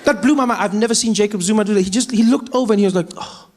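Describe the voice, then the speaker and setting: High-voiced South African comedian on stage. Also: male voice, very fast. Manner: animated, incredulous storytelling. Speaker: stand-up comedian. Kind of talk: stand-up comedy.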